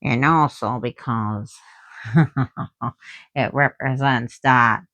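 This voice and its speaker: Woman teacher, slow giggly explainer, drops to whispers then bursts out loud, dry close sound. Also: rumbling low, no room sound. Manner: excitable, giggly, jumping between soft whispers and loud bursts. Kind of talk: casual explanatory talk.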